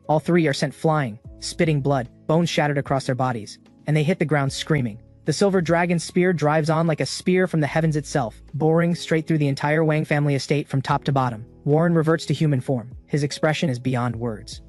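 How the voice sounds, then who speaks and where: A man giving dramatic, energetic scripted narration as a comic recap narrator. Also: fairly high pitch, brisk, hardly any pauses. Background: music.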